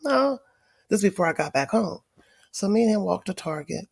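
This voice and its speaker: A middle-aged grandmother livestreaming to her viewers, telling a story in an animated, emphatic way with lots of swearing. She is sick with a cold, wheezing and tired. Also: medium pitch, a little fast, gravelly, breathy edge, dry recording. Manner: profane, emphatic, addresses viewers directly. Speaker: livestream host.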